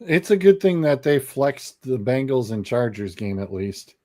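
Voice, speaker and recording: A man co-hosting a podcast, talking football in blunt, excitable banter. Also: medium pitch, unhurried. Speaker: podcast co-host. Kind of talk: casual sports chat.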